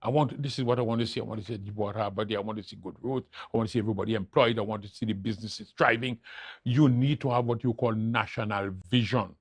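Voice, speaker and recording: A man's voice: lowish voice, steady tone, fast talker, slightly rough, no echo. An older man, a guest on a talk show, speaking emphatically and repeating his key phrases to drive points home. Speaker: interview guest, political leader. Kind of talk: studio talk show interview.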